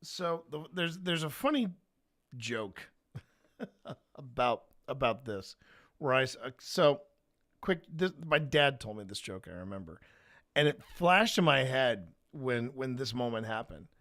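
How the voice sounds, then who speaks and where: A man's voice: mid-range voice, expressive, measured pace, fairly bright tone. Rambling man telling a long joke. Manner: rambling with many restarts, rising for punchlines. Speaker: paranormal investigator telling a joke. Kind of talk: casual storytelling chat.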